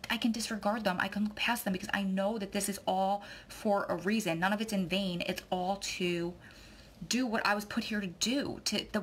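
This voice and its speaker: A woman babbles to her viewers in a loose, rambling vlog chat, gushing with emotion and often close to tears. Her voice sits at an ordinary middle pitch. A faint noise hums under the recording. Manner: babbling, tearful, effusive. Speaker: vlogger.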